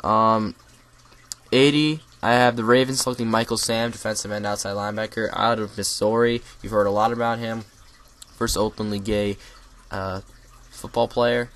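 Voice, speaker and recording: A young man with a lowish voice rattles off one draft pick after another, a little hoarse from losing his voice. He reads off a list and stops to correct himself and toss in quick casual asides. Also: flat delivery, fairly bright tone. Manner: rapid-fire list reading with asides and self-corrections. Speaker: mock draft creator. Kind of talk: casual solo commentary reading picks.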